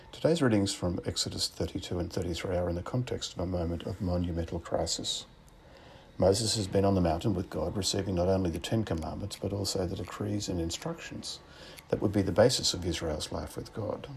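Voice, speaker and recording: A man with an Australian accent preaching a sermon in a measured, reflective way, asking rhetorical questions. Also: low-pitched, vocal fry, a little hiss or hum.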